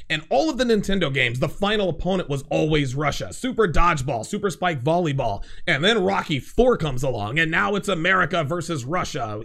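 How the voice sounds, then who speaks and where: Gravelly man hosting a call-in show. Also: fairly high pitch. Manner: animated, emphatic, repeats phrases. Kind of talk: casual call-in chat.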